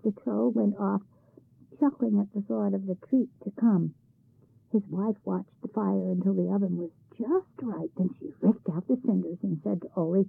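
A woman reads a folk tale aloud with lively expression. Her voice is husky and gravelly, and the recording is dry and tinny, like a phone line. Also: medium pitch, normal speed, dry recording. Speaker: storyteller. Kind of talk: scripted narration of a folk tale. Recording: tinny phone-like band-limited sound.

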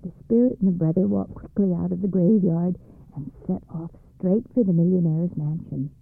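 A storyteller reading a folktale aloud in a measured, expressive way. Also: mid-range voice, vocal fry, no echo. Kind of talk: storybook narration. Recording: dry, phone-like narrow band.

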